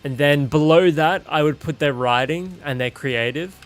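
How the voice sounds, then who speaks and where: Male streamer, casual and blunt, swears freely, pitch a touch high, soft game music behind. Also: moderate pace. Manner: blunt, profane, opinionated ranting. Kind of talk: casual gaming stream commentary.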